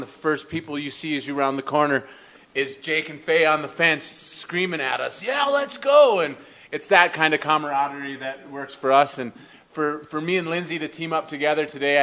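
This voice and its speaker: American guy in his 40s, kinda high voice, earnest and informal, press conference answers. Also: pushed and bright. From United States.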